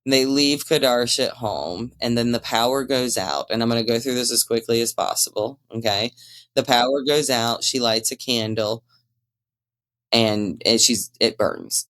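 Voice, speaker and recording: A man co-hosting a casual recap chat, retelling scenes in an animated way and acting out characters' lines. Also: mid-range voice, normal speed. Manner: animated storyteller who acts out characters' lines. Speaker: co-host of a TV drama recap show.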